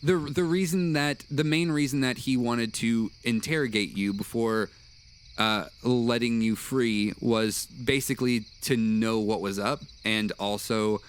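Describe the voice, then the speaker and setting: A man narrating as game master of a tabletop game, pausing often with fillers. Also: medium pitch, a little hiss or hum. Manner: hesitant, many uh fillers.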